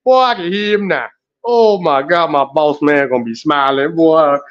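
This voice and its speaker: High-voiced man, exclaiming on a stream. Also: moderate pace, clean tone, lo-fi sound. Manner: animated, exclaiming, laughing and groaning. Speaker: live stream host. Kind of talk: emotional live stream commentary. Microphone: home streaming setup.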